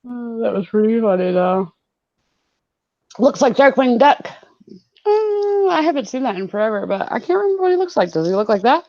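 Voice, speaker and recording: A woman's voice: on the high side, sing-song, normal speed, dark tone, dry recording. A woman hosting a casual live-stream hangout, chatting, laughing often and reading comments from the chat aloud over a video call. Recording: dull, lo-fi video call audio.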